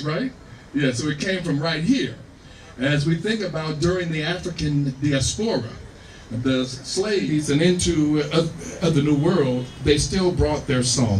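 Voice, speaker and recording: A man's voice: on the high side, slight background noise. An American man from California, a musician giving an easygoing talk on music between songs, checking in with his audience as he goes. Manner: easygoing, unhurried, checks in with "right?". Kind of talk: lecture between songs at the piano. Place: live performance room. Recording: roomy sound from a distant mic. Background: piano playing.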